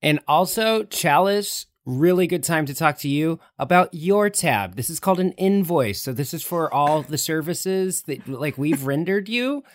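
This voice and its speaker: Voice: medium pitch, animated, unhurried, hardly any pauses, dry recording. Joking player in a tabletop game. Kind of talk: improvised tabletop role-play.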